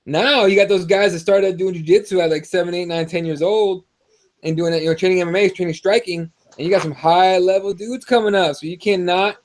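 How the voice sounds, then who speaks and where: Podcast host, male, higher voice, profane and animated. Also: fairly quick. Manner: animated, swears freely, ranting. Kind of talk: profane casual fight talk.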